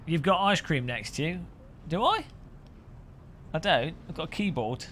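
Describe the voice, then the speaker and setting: A man's voice: fairly high pitch, animated, moderate pace, pauses often, fairly bright tone, a little hiss or hum. A man streaming sim racing, chatting and joking with viewers and often laughing. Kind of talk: casual live-stream commentary while sim racing.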